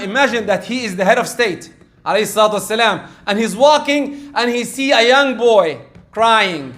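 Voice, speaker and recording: A man preaches in a loose, conversational way, speaking straight to the congregation. He breaks into quick verse recitation and then explains it plainly in English. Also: high voice, fairly bright tone. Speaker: imam giving a sermon. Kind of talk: sermon.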